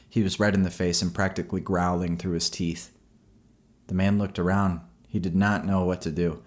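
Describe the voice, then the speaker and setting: A man narrating a horror story in a slow, measured storytelling voice. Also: low voice, little pitch movement.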